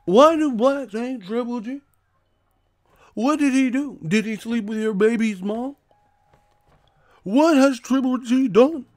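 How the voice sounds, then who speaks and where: A man mimicking an indignant online commenter in a shrill, mocking squeal. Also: takes it slowly, long pauses. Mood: mocking outrage.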